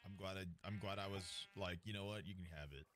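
A man's voice: sits low, fast, a bit bright, a little hiss or hum. A young man chatting over a game with friends, making dry, teasing remarks. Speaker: fellow player. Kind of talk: casual gaming chat.

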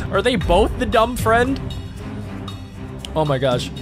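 A male reaction host who comments excitedly on videos, laughs a lot and shouts at the characters. He speaks at an easy pace, but his pitch rises and falls widely. Background music plays throughout. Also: extremely slow.

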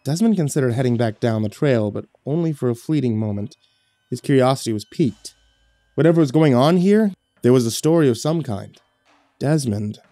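A man reading a horror story aloud in steady, dramatic scripted narration. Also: mid-range voice, no room sound.

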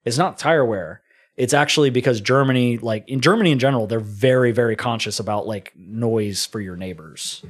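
A man guest on a podcast, telling stories in casual chat with animated delivery and playful put-on accents. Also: medium pitch, a little fast, husky. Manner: animated storytelling, puts on mock German voices.

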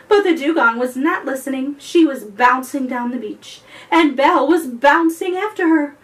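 A woman reading a picture book aloud for a library storytime, in an expressive, animated storytelling manner. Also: high-pitched, normal speed. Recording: voice heard from a distance off the mic.

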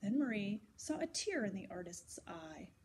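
A woman reading a children's story aloud, gentle and expressive. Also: mid-range voice, moderate pace, a little hiss or hum.

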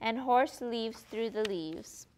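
A teenage girl reading a children's picture book aloud, deliberate, now and then correcting herself. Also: a little high, slight background noise. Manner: deliberate, occasional self-corrections. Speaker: reader.

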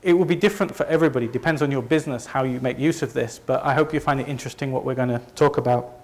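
Speaking very fast in a mid-range, slightly mellow voice, this company presenter is a Leeds man with a Northern English accent. He addresses a live audience in a conversational way, often poking fun at himself.

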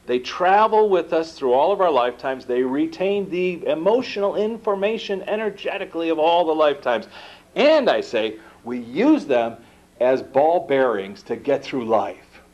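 A man giving a talk to an audience, telling his story animatedly and acting out quoted dialogue. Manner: acts out quoted dialogue with lively pitch jumps. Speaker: speaker giving a book talk. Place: lecture room. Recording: dull lo-fi recording.

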